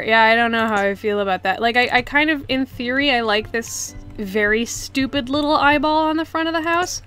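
A woman's voice: fairly high pitch, bright, forceful tone. A young woman streaming a building game, chatting casually and giggling, joking about her own choices. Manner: chatty, giggly, self-deprecating. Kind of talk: casual gameplay commentary.

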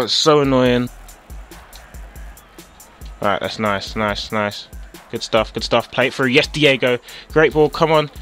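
A young man with a tired, sore-throated voice giving casual gameplay commentary that jumps into excited shouting. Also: medium pitch, normal speed, faint music behind. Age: young adult. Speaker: gaming YouTuber.

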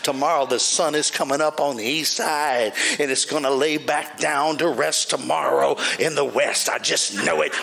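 Humorous preaching male pastor, quick asides. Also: fairly high pitch, gravelly. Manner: joking, swings between loud preaching shouts and quiet asides. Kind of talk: sermon.

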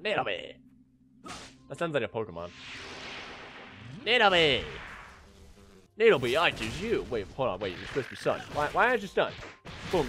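Young male gaming host, boastful trash-talker, lively swooping voice, faint music behind. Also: mid-range voice. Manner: boastful, joking, yells at the game. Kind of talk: gameplay commentary.

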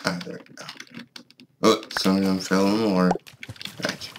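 A man giving casual let's-play commentary on his own game, excitable, swearing and yelling at the creatures on screen. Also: sits low, moderate pace, very noisy. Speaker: gaming video host.

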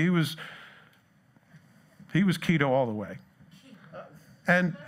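Male pastor, slightly higher voice, casual and funny, acts out scripture while preaching. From United States. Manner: conversational and joking, with lively retellings. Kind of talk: sermon. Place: church.

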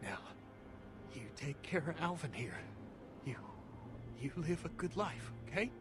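Kenny, choked-up protective survivor. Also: male voice, on the high side, big pitch swings, a little slow. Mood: tearful farewell. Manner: voice breaking with emotion. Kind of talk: video game voice acting. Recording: game audio under loud music.

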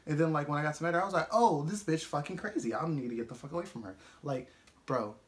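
A young man telling a casual storytime vlog, profane and animated, laughing often as he talks. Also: fairly high pitch. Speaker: vlogger.

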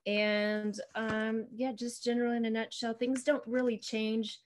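A woman's voice: fairly high pitch, flat delivery, unhurried, slight background noise. A woman author chatting on a video call, retelling her book's story in a chatty way full of "um" and "you know". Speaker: children's book author. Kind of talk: casual interview, retelling a story.

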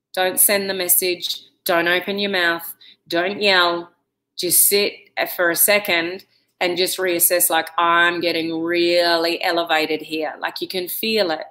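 A woman's voice: fairly low pitch, fairly even intonation, slow pace, bright, forceful tone, low-quality recording. Chatty woman giving stress advice. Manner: chatty, direct, with many "you know"s. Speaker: vlogger giving life advice. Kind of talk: casual advice monologue to camera.

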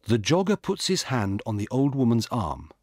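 Slow careful guy reading a learners story, husky, lots of up and down. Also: mid-range voice, wildly swooping pitch, darkish tone, no echo, clean studio sound. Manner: slow, careful, clearly paced. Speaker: narrator. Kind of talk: scripted narration of a graded reader.

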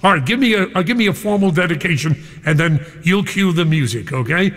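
An older man in a DJ's chair, talking with bubbly, gushing excitement in a fairly high voice. He reads listener mail and chats with callers. There is a long reverb tail on his voice. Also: a little fast. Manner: exuberant, effusive, reads listener emails aloud. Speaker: radio DJ host. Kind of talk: live radio show.

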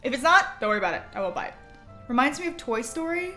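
A young woman with a high, bright voice chats through a game stream, unhurried but swooping up and down as she gushes and giggles. Soft game music plays faintly behind her. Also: very animated. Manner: giddy, gushing, giggles often. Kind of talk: casual live-stream chatter while gaming.

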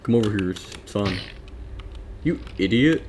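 A man gives low-pitched, mumbled live commentary while he plays a video game. He talks half to himself and coaxes the game's creatures, with faint background noise and keyboard clicks under his voice. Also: lively intonation, a little slow. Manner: mutters to himself, coaxing and teasing game creatures. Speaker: gaming streamer.

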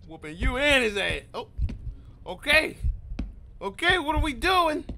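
Jumpy high-voiced man playing a horror game. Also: big pitch swings, unhurried, creaky, slight background noise. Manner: jumpy, slangy and loud, talking to himself and the game. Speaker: gaming channel host. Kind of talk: let's play horror game commentary.

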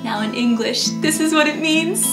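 A woman's voice: high voice, moderate pace, reverberant. A woman teaching a children's music lesson, cheerful and coaxing, talking straight to young kids. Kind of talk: kids' sing-along lesson.

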